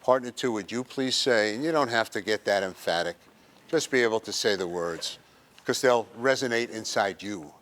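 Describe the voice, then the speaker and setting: A man's voice: on the low side, normal speed, fairly bright tone. Joking man leading a group workshop. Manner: joking, acts out little scenes and quotes. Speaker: workshop presenter. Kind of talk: humorous motivational talk to a group. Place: senior center activity room.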